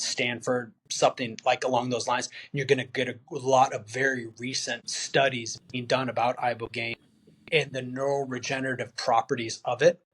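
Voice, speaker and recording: A veteran guesting on a podcast speaks with a medium-pitched, slightly bright voice. Plain-spoken and earnest, he acts out his friends' remarks as he tells his story in this candid interview conversation.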